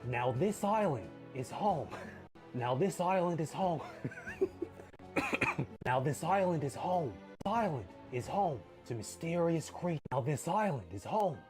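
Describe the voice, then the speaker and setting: A man putting on a slow, exclaiming wildlife presenter voice with a fake Australian accent, laughing between lines. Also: a little high, expressive, a little mellow, soft background music, pitched above the performer's own voice. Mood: hammy. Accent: put-on Australian. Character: boisterous male wildlife presenter, Aussie-style impression.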